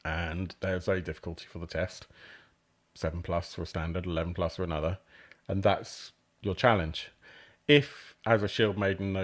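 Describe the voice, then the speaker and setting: Low-voiced rambling male game reviewer. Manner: rambling, self-deprecating, many ums and apologies. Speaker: host reviewing crowdfunding games. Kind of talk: casual live-stream commentary.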